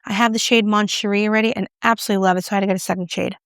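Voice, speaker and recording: A woman's voice: mid-range voice, steady tone, very fast, no room sound, clean studio sound. A woman chatting casually to camera while doing her makeup, talking through a product review with a self-mocking, playful manner. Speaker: beauty vlogger.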